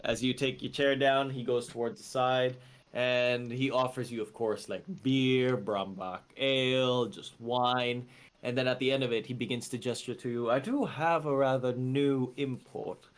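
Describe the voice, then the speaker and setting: A man's voice: medium pitch, moderate pace, clean tone. Man narrating as game master, loose and easy. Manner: relaxed, loose narration with fillers.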